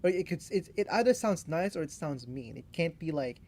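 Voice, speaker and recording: A man's voice: fairly high pitch, lively intonation, fairly quick, darkish tone. A young man co-hosting a podcast, talking casually and hesitantly, with many fillers. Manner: loose and hesitant, lots of "like" and "you know". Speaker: podcast co-host. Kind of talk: casual chat.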